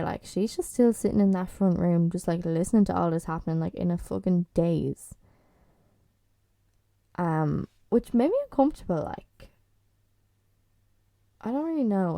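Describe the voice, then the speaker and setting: A woman's voice: fairly low pitch, gravelly, mellow, dry recording. A woman hosting a podcast, chatting casually and bluntly, swearing freely and filling her talk with "like" and "um". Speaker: podcast host. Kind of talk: casual solo chat reviewing a TV series.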